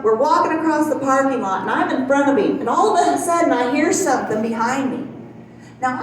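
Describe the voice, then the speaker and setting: A woman's voice: high voice, slight background noise. A woman in her fifties doing a stand-up comedy set on a club stage, telling self-deprecating stories, acting out quotes and laughing as she goes. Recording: very echoey club audio from far off.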